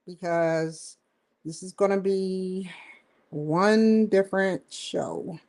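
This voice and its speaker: A woman's voice: medium pitch, slow, a little mellow. A woman hosting her own livestream show, rambling and joking between topics, often breaking into laughter. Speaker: host. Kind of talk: casual livestream chat.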